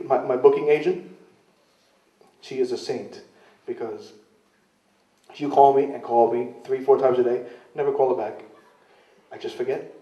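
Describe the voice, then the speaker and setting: The recording is roomy, distant, and dull, made at a club venue in London. There, a wrestler with a medium-pitched, dark voice tells self-mocking, rambling stories in a casual interview, often mimicking the people he quotes.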